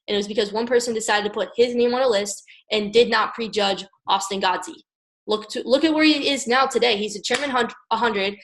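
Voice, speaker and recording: A young woman from Maryland giving an energetic motivational coaching talk, repeating "guys" and "okay" and acting out phone calls. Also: a little high, rough recording. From Maryland, USA. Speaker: network marketing team leader.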